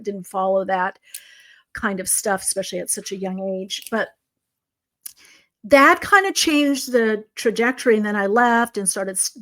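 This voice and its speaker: A middle-aged woman tells stories from her life as a psychic guest on a conversational show. She switches into the voices of people she quotes and often breaks off and restarts her sentences. Her voice sits at an ordinary middle pitch. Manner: animated, acts out quoted dialogue, frequent restarts. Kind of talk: casual storytelling. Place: video conversation.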